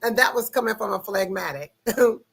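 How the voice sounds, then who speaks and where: A woman's voice: mid-range voice, expressive, fairly quick, gravelly, a bit bright, husky. A middle-aged woman giving a casual explanatory talk on personality types, emphatic and always at full energy. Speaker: personality-type presenter.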